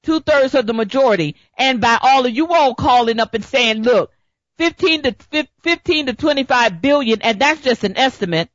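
A woman's voice: sits high, animated, moderate pace, no echo. A woman hosting a political talk radio show, speaking emphatically, repeating her points and firing off rhetorical questions. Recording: dull lo-fi dry recording.

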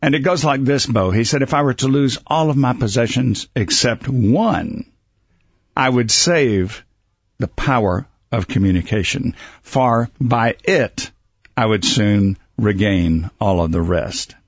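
A man, a communication coach, giving measured answers as a talk show guest. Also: mid-range voice, slightly rough, no echo, muffled recording. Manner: measured, quotes sayings, chuckles. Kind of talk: radio interview guest.

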